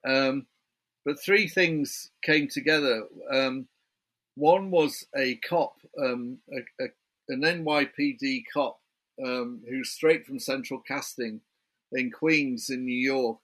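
A man's voice: mid-range voice, slow pace, a bit bright. A British man, an author guest in a remote interview, chatty and building his story point by point. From Britain.

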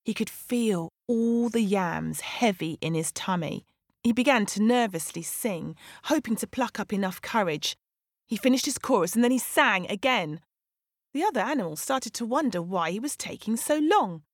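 A woman storyteller narrating a folk tale for children in an animated, dramatic way with sweeping rises in pitch. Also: normal speed, no room sound.

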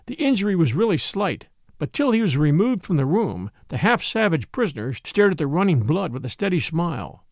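Male narrator, scripted audiobook reading; lively, expressive delivery. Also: fairly high pitch, a little fast, no echo, studio quality. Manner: expressive storytelling.

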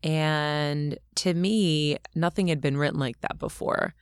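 Low-voiced woman, lively storyteller. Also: a little slow, clear, resonant tone, no echo, clean studio sound. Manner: animated storyteller, acts out quotes. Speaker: interview guest, author. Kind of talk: casual interview talk.

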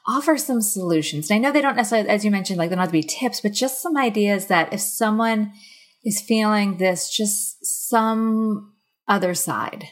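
A woman's voice: medium pitch, moderate pace. A woman hosts a podcast interview, asking her guest questions in a thoughtful way. She searches for her words and restarts sentences as she goes. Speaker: podcast host.

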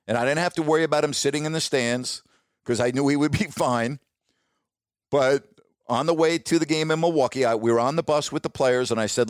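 A middle-aged man, a sports broadcaster, telling stories casually and warmly, dropping his voice when he quotes others. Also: no room sound, studio quality. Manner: warm, reminiscing, quotes others in a lowered voice. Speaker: sports broadcaster, podcast host. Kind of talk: casual storytelling monologue.

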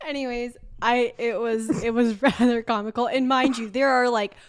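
A woman's voice: a little high, fairly even intonation, moderate pace, clean tone. Chatty young woman, laughing storyteller. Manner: laughs often while telling stories, frequent "like". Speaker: podcast co-host. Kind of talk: candid casual chat.

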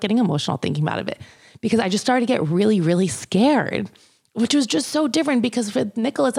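A woman's voice: medium pitch, creaky, a little mellow, dry recording, studio quality. A young mother casually telling her birth story, candid and chatty, swearing now and then and acting out what others said.

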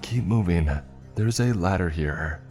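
Man doing an oddly calm, soft-spoken boy. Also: low-pitched, unhurried, soft background music.

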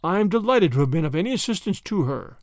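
A man voicing a courteous, secretive stranger who speaks calmly and politely, in a storybook reading. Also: high-pitched, quick pace, dry recording, clean studio sound.

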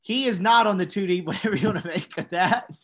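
A man's voice: high-pitched, quick pace, crowd noise. A man co-hosting a casual sports podcast, conversational and full of questions for his co-host.

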